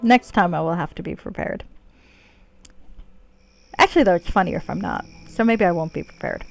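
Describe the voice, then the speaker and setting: A woman's voice: lowish voice, animated, normal speed, gravelly, soft background music. A woman streaming a video game, chatting casually in a playful, joking way and swearing freely. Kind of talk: casual gameplay commentary.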